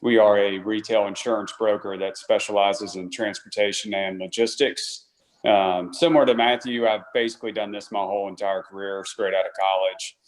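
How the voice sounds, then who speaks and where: A man's voice: lowish voice, fairly even intonation, normal speed. A young man, an insurance broker, introducing himself on a live panel in an easygoing way with some fillers.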